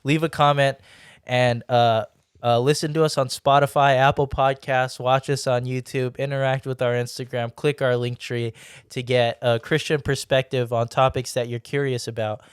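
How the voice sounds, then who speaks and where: A young man hosts a casual podcast with friends. His voice is smooth and resonant, recorded close and dry. He talks in a chatty, rambling way and laughs often. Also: medium pitch, flat delivery, moderate pace, no room sound. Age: young adult. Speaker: podcast host. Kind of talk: casual group chat.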